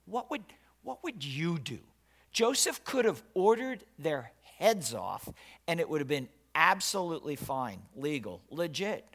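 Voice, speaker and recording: A man's voice: a little high, fairly bright tone. A male pastor preaching a sermon, telling a story dramatically and emphatically, with frequent restarts and repetition.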